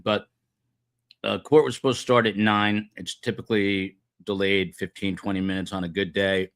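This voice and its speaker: A man's voice: fairly low pitch, little pitch movement, moderate pace, a bit bright, clear, resonant tone. A man hosting live commentary, recapping a trial day in a conversational, questioning way.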